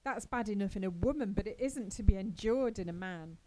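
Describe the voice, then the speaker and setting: A woman reading aloud as a stern, practical older spinster who scolds briskly but is secretly fond. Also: mid-range voice, dark tone, close to an everyday voice, low-quality recording. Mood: grudging. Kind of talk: audiobook character reading.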